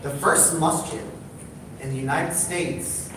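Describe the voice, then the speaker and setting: A man telling a comic story on stage, animated, his voice jumping up in excited bursts. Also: slow pace. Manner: animated, building to excited high-pitched bursts. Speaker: speaker at a live talk. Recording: echoey hall, distant mic, noisy.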